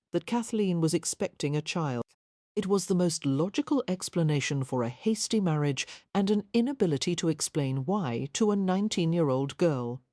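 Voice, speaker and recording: A woman narrating a historical romance audiobook in an even, measured reading. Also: low-pitched, no echo, studio quality. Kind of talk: scripted narration.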